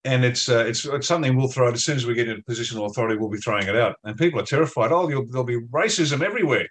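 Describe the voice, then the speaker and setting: A man's voice: medium pitch, racing. An Australian man in an interview, blunt and emphatic, telling pub-style stories in colloquial language. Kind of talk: interview discussion.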